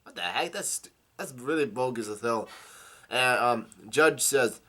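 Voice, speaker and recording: Bright-voiced man casually reading a comic. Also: mid-range voice. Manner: halting, lots of fillers and restarts, coughs. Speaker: comic reader. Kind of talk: casual comic read-through with commentary.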